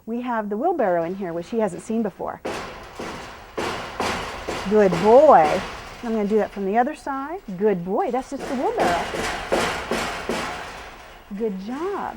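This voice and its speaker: A woman horse trainer explaining a hands-on demonstration, often dropping to soft murmurs of praise for the horse. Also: a little high, expressive, fairly quick, background noise.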